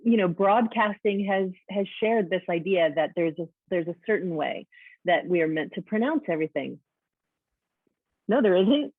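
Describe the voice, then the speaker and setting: A woman's voice: lowish voice, expressive, moderate pace, dry recording. A woman hosting a webinar discussion, speaking over a video call in an enthusiastic, reflective way. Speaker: host, director of education. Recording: dry, tinny phone-like line.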